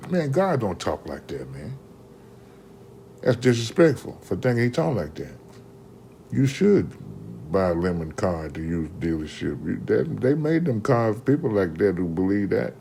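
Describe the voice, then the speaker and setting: A man with a low-pitched voice spins a casual story on his podcast. He is slangy and animated and keeps restarting his sentences. A faint hiss runs under the recording. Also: moderate pace, creaky.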